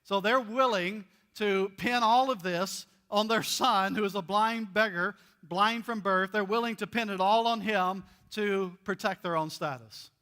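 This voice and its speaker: A man's voice: high voice, measured pace, few pauses, pushed and bright. A male pastor giving a sermon in a church, conversational and playful, acting out the dialogue as he goes. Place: church sanctuary.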